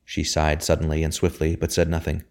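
Deep-voiced man narrating a novel. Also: completely flat delivery, fairly quick, darkish tone. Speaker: audiobook narrator.

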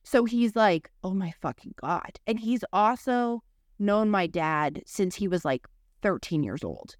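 Woman, thirties, podcast co-host, candid, swears freely, mid pitch, dry close sound. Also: animated, unhurried, no room sound. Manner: candid, profane storytelling. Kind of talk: casual conversation.

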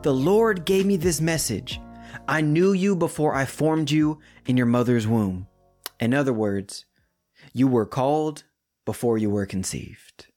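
A man hosting a podcast sermon, animated and lively, jumping high for jokes and sinking to hushed emphasis. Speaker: podcast host and preacher.

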